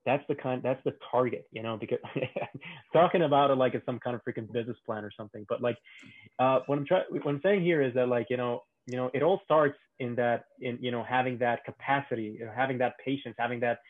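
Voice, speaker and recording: A man's voice: mid-range voice, fairly quick. A man chatting casually over a remote call, rambling with many restarts and laughing often. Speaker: podcast co-host on a call. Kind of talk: casual chat. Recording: tinny phone-like call audio.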